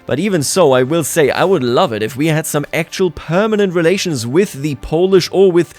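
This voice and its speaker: Male let's-play commentator, fairly high voice, wry and playful, with quiet background music. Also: a little fast. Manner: sarcastic, jokey, laughs often. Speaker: gaming YouTuber.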